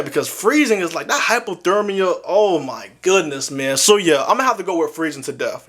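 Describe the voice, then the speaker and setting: A young man with a fairly high voice hosts a casual video game. His pitch swings widely as he talks. He is animated and slangy, and breaks into loud exclamations often. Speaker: gaming video host. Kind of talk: casual commentary to camera.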